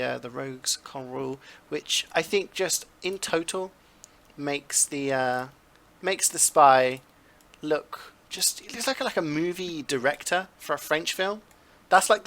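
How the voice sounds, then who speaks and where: A man's voice: a little high, creaky, a bit bright. A young man casually commenting on a video game, chatty and rambling, often asking viewers for their ideas. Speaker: gaming video creator.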